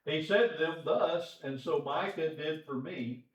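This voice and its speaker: A man's voice: fairly high pitch, fairly even intonation, takes it slowly. A man teaching a Bible class in a folksy, conversational way, chuckling often, recorded in a church auditorium. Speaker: preacher. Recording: echoey church room, distant dull mic.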